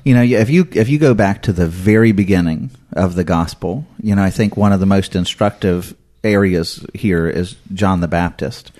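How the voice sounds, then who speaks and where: A man's voice: sits low, moderate pace, hardly any pauses, a little mellow. A man who is a pastor, talking earnestly and with emphasis in a casual podcast discussion.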